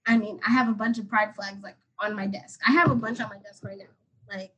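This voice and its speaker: A woman's voice: mid-range voice, fairly even intonation, a little fast, a bit bright, breathy edge, lo-fi sound. A 21-year-old woman from Atlanta, a podcast guest telling a personal story casually and emotionally, rambling with lots of "like". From Atlanta, USA. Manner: rambling, heavy use of "like", emotional.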